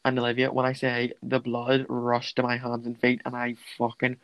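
A young man co-hosting a podcast, chatting casually as a camp, animated storyteller with slangy quips. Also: mid-range voice, normal speed, no room sound, dull audio. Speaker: podcast co-host. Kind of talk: casual chat.

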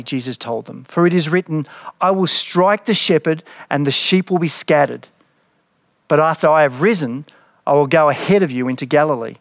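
A man's voice: fairly high pitch, moderate pace, dry recording. Earnest man preaching a sermon, dry sound. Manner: earnest, reflective preaching with dramatic scripture reading. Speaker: pastor.

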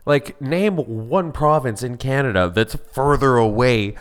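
Podcast dude, regular mid voice, dry sarcastic bickering, swears a bit. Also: male voice, mid-range voice, measured pace, clean tone. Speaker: podcast co-host. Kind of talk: casual chat.

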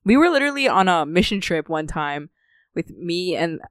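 A woman's voice: lowish voice, sing-song, normal speed, clear, resonant tone, no room sound, studio quality. A young woman co-hosting a podcast in casual chat, blunt and teasing, swearing a lot. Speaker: podcast co-host.

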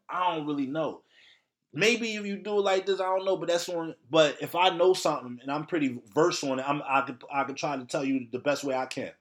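A man's voice: fairly high pitch, fairly bright tone. A man hosting a solo podcast, lecturing his listeners in a blunt, heavily profane rant. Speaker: podcast host.

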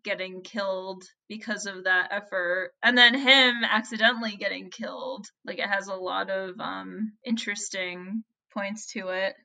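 A woman's voice: mid-range voice, fairly even intonation, unhurried, creaky, few pauses, pushed and bright. A woman co-hosting a podcast, casually telling a history story with chatty asides and laughter. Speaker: podcast co-host.

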